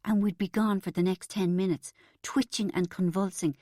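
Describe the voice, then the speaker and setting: A woman's voice: medium pitch, moderate pace, hardly any pauses, darkish tone, dry recording, studio quality. A woman reading a comic novel aloud as an audiobook narrator, in a wry storytelling manner.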